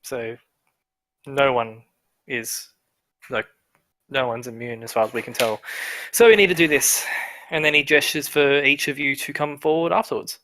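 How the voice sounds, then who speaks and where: A man's voice: medium pitch, steady tone, moderate pace, bright, forceful tone, no room sound. A man narrating a tabletop game as its game master at home, in a loose, rambling way. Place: home room.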